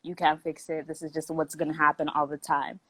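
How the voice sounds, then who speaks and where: Deep-voiced and brisk, she speaks with a flat delivery and a fairly bright tone. She's a young woman from South Africa who now has a Canadian accent, chatting as a guest and leaning heavily on "like" while telling stories. There's no room sound, and the recording is rough.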